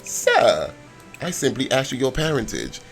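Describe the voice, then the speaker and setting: A man's voice: lowish voice, sing-song, moderate pace, faint music behind. A man voicing a haughty, snobbish rich woman who talks in a clipped, formal, mocking way. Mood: condescending.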